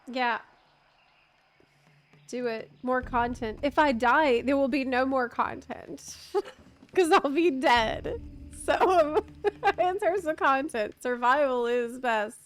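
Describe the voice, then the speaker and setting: A woman's voice: sits high, slow, pauses often. A woman in her thirties streaming a game, chatting casually with her chat. She laughs often and swears casually. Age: 30s. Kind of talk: casual live-stream chat while gaming.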